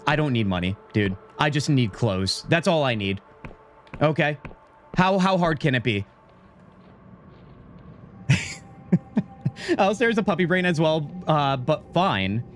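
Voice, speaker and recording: A man live-streaming a game, chatting with his viewers in an animated, mock-indignant, joking way into a desk microphone. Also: on the high side, a little slow, pauses often, slight background noise. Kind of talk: casual gaming live stream, talking to chat.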